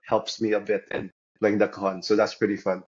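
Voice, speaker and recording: A man's voice: lowish voice, level tone, a little fast, darkish tone, muffled recording. A young man speaking as a guest on a church podcast, easygoing and chatty, laughing often as he talks. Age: young adult. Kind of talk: casual podcast chat.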